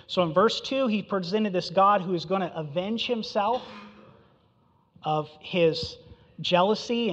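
Man preaching, fairly high voice, emphatic and conversational, long hall echo, dull recording. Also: slightly rough. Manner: conversational, emphatic, rhetorical questions. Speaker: pastor. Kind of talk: sermon.

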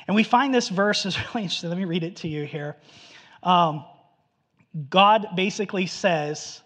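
A man preaching a sermon in an animated storytelling manner, acting out the voices of the people he quotes. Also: sits high, normal speed, long reverb tail. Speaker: pastor.

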